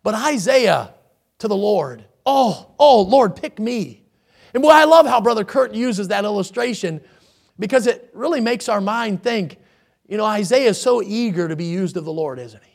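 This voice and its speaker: A man with a very high, gravelly voice preaches a sermon from the church pulpit. He swings into emphatic, near-shouted scripture quotations and then settles back into plain explanation. The gravel in his tone is audible throughout. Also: animated, normal speed. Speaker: pastor. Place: church sanctuary.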